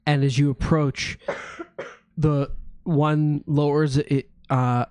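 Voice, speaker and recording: A man's voice: on the high side, little pitch movement, slow, darkish tone, clear, resonant tone, no echo, clean studio sound. A man narrating as game master in a tabletop game, casual with frequent restarts.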